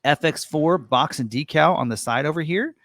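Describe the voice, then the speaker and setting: Speaking at a normal speed in a slightly high, somewhat bright voice, a man presents a truck ordering guide. He casually walks through vehicle options in an online configurator on screen, rambling loosely with many fillers and corrections of himself. The recording is dry.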